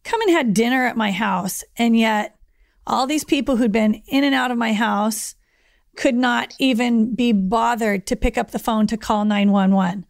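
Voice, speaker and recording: A woman speaks in a documentary interview about an attack she lived through, and her voice sits a touch high with a gravelly fry. She talks earnestly, taking the listener back through each moment in plain terms. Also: normal speed. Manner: earnest, reliving events, with plain spoken retelling. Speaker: survivor telling her story.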